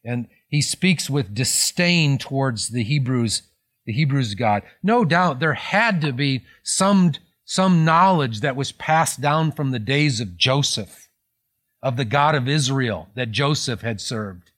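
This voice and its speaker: A male pastor giving a teaching sermon at a mid pitch. He talks in a conversational way, often restarting phrases and correcting himself as he explains the verses. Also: lively intonation, takes it slowly, a bit bright.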